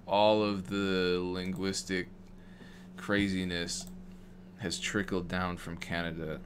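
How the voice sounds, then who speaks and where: A man's voice: low-pitched, noisy background. A man from Wisconsin, a music producer chatting casually on a live stream, rambling and joking with many restarts and fillers. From Madison, Wisconsin. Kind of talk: casual livestream chat.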